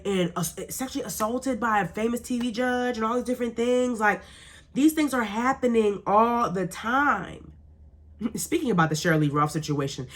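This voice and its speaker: Young woman host, very lively pitch, emphatic casual chat full of laughs. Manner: animated, laughing, emphatic repetition. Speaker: radio show host. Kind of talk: casual chat reading live comments.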